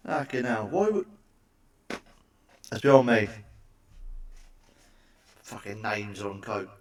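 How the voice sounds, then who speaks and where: A man's voice: fairly low pitch, animated, slow pace, distant mic. Swearing man telling crude jokes. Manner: swearing, chatty, asks the listener for agreement. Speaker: stand-up comedian. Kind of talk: crude stand-up one-liners.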